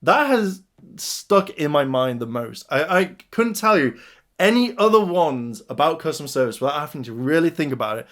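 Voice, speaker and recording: A young man recounts a work story for his channel, animated and rambling, often restarting his sentences. His voice sits a little high for a man. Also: moderate pace. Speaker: youtuber. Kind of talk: storytime vlog.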